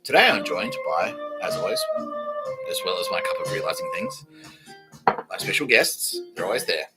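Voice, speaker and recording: A man's voice: low voice, huge pitch swings, moderate pace, over loud music, rough recording. A man hosting a comedy podcast, rambling through jokes, swearing and laughing at his own lines. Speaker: podcast host.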